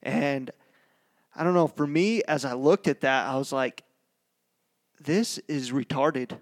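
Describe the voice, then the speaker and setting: A man's voice: mid-range voice, moderate pace. A man hosting a casual podcast, talking in a laid-back way and calling his co-host dude and bro.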